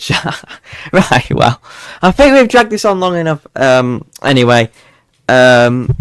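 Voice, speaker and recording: A mid-range male voice in a dry recording belongs to a weather channel host from Yorkshire, England. With a mild Yorkshire accent, he rambles and chats on a live forecast stream, restarting often and filling pauses a lot.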